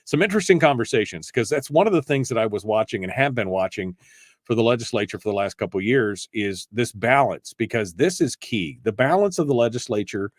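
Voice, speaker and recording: This man hosts a casual talk radio show and speaks into a close studio microphone with a very dry sound. His speech is chatty and joking, full of fillers and restarts, at a mid pitch for a man. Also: lively intonation, fairly quick, no room sound.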